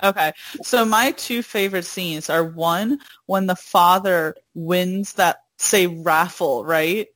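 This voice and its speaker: A woman chatting casually, telling stories in an animated way and acting out quotes with frequent laughter. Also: on the low side, slow, no room sound. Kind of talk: casual chat.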